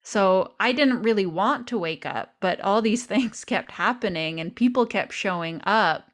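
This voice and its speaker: A woman interviewer chatting casually, a lively storyteller who acts out her own quotes in a higher voice. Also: measured pace. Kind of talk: casual conversation.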